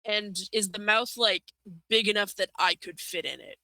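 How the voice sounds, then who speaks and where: A player in a tabletop game asks curious, careful questions in a very bright, sharp voice. The pitch sits in an ordinary middle range. The sound is dry and close. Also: moderate pace, no room sound, rough recording. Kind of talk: casual tabletop game play.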